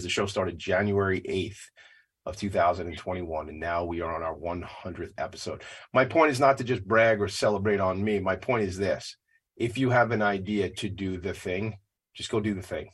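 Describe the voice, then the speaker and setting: A man's voice: deep voice, husky. A man, hosting a nonprofit podcast in a hyped, rambling, motivational monologue. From Long Island, New York. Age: 40s. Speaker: podcast host. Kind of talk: casual monologue.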